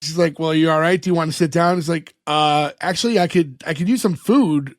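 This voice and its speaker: High-voiced man animating a recap. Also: brisk, no echo, clean studio sound. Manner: animated retelling, acts out characters' lines. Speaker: podcast host recapping an episode. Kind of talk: casual chat.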